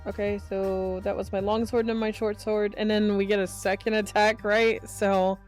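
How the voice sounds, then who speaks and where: A tired woman playing in a tabletop game, adding up her dice rolls out loud. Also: medium pitch, little pitch movement, soft background music. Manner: unhurried, tallies dice out loud. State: tired, yawning. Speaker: player. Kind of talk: tabletop game play, casual chat.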